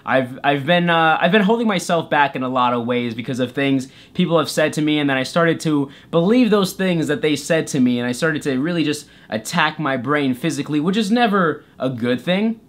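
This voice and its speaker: A man's voice: fairly high pitch, expressive, brisk, hardly any pauses. Goofy young man telling a story. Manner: goofy, self-deprecating, jumps into voices. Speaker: YouTuber storyteller. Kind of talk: comedic story time vlog.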